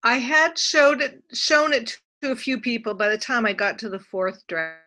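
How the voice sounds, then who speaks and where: A woman who teaches writing, a guest talking about her memoir in a reflective, halting way with frequent restarts. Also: on the high side, animated, bright, forceful tone. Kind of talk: casual interview chat.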